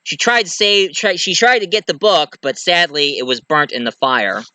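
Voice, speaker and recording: A man with a rather high, very bright and sharp voice rambles through a movie plot in a chatty review. He keeps a loose, casual grammar and leans on plenty of fillers. The sound is dry and close, with no room around it. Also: normal speed, no echo.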